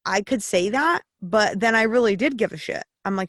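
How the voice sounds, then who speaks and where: A woman's voice: mid-range voice, lively intonation, moderate pace, hardly any pauses, a bit bright, no echo. Lady podcast host, talks blunt, swears a lot, lots of likes and ums, dry close sound. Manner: frank, swears freely, rambling with fillers. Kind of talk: casual interview chat.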